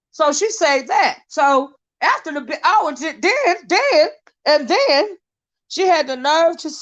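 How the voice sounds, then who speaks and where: The recording is muffled, and the woman's voice sits high. She's an American channel host in the middle of an angry, profane rant, confrontational and heavy on repeated insults.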